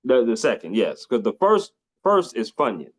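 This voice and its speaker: A man hosting a casual podcast interview. His voice swings widely in pitch as he jokes and reacts. He drops folksy exclamations and teases his guest. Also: normal speed. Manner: playful, expressive, folksy exclamations. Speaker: podcast host.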